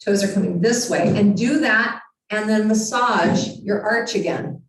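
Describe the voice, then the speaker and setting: A woman teaching a yoga class, giving calm, encouraging step-by-step cues for foot massage and balance work. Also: mid-range voice, a little slow. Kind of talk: guided yoga instruction. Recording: very echoey room, far from mic.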